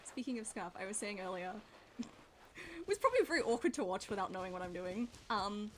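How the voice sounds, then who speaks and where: Using a desk microphone, a woman streams a game live with a mid-range, animated, slightly fast, somewhat bright voice, and there's a little hiss or hum. Her chat is casual, giggly, and full of laughter at her own expense.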